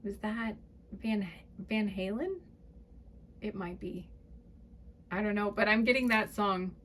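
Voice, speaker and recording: A woman doing a pick-a-card tarot reading in a soft, chatty and apologetic way. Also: medium pitch, takes it slowly, a little hiss or hum. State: fits of laughter. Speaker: tarot reader.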